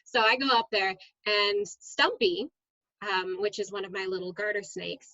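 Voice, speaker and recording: Woman teacher, lively storyteller, casual interview, dull lo-fi dry recording. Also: mid-range voice, normal speed, dry recording. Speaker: middle school science teacher, guest.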